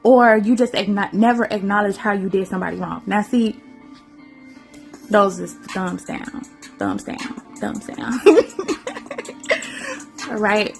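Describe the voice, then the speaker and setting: A woman's voice: mid-range voice, big pitch swings, slow pace, gravelly, pauses often, faint music behind. A woman vlogger giving an emotional, rambling spoken-word monologue, laughing often and repeating her phrases.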